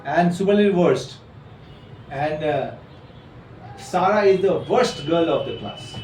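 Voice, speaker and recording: A man's voice: fairly high pitch, lively intonation, takes it slowly, darkish tone, faint music behind. Man teaching a class. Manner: explains patiently, repeats and corrects students. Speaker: English teacher. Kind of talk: classroom lesson. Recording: echoey room from far off, faint noise.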